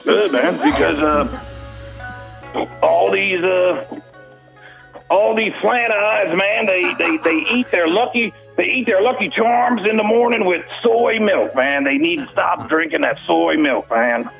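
A man's voice: sits high, animated, a little slow, a bit bright, faint music behind, exaggerated voice, low-quality recording. A man playing a brash, crude good-ol'-boy character with a drawl, ending nearly every line with "man". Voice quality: gravelly drawl, ends lines with "man". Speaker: radio show character. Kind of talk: comedy character bit.

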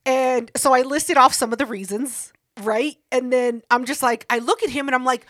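A woman co-hosting a podcast, telling a story in lively, profane casual chat and acting out what people said. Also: high voice, moderate pace, hardly any pauses, dry recording, studio quality. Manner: animated storyteller, profane, acts out quotes. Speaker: podcast co-host.

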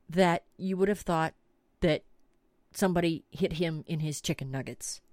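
On her podcast, a middle-aged host spins a funny story with plenty of cursing and theatrical emphasis, keeping it animated throughout. She speaks in a mid-range voice, captured in a dry, clean studio recording.

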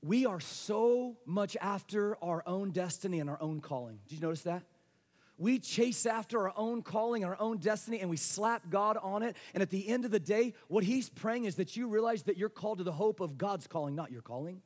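Man, pastor, high voice, passionate sermon, call-and-response, loud then hushed, church hall echo. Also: lively intonation, normal speed. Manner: passionate preaching with call-and-response, swinging between loud and soft. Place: church sanctuary. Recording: long hall reverb.

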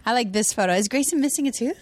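A woman's voice: on the high side, fast, no echo. A woman guesting on a casual podcast, playful and upbeat, often laughing. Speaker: podcast guest, Instagram model.

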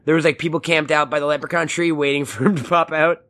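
High-voiced dude on a podcast, jokey, cusses constantly, does goofy voices for quotes. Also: male voice, steady tone, fast, a bit bright. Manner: joking, swears a lot, acts out quotes in silly voices. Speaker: podcast co-host. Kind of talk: casual chat. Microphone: studio mic, audio-only podcast.

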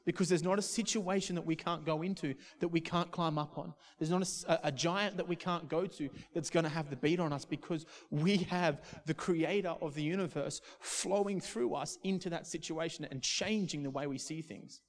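A man's voice: fairly high pitch, moderate pace, few pauses. A man, a pastor preaching a sermon through a personal story, restarting and repeating words as he talks.

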